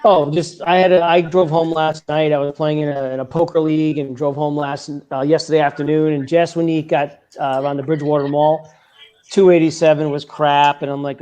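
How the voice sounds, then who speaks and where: Chatty middle-aged man, slightly high voice. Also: level tone, brisk, a little mellow, clean tone. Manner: rambling, chatty, with many fillers and restarts. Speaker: event organizer guest. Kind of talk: casual chat on a live stream.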